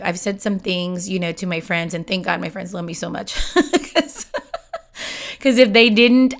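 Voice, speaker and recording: A woman with a lowish voice talking about self-awareness in a casual, motivational way. She speaks candidly and warmly personal, with lots of "you know" fillers as she works through her thoughts. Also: smooth.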